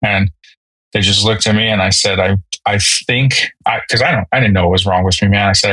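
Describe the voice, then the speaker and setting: Low-voiced man, halting and candid. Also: steady tone, sharp tone, husky, no room sound, low-quality recording. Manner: halting, emotional, frequent fillers and restarts. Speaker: podcast guest. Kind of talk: candid storytelling.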